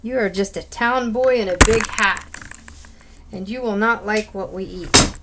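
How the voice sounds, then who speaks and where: Woman reading grouchy ranch cook, gruff, dismissive, storybook. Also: mid-range voice, measured pace, heavy background noise, close to an everyday voice.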